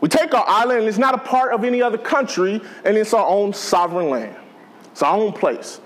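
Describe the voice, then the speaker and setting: A man's voice: sits high, expressive, brisk. A man preaching a sermon in a conversational, joking way to a church congregation. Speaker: pastor.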